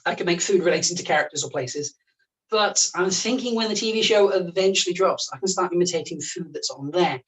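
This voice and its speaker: Speaking at medium pitch and a little fast, this chef and charity livestream host keeps up casual chat while cooking in a home kitchen, oven running. Laughter comes often, and the voice is distant and off-mic.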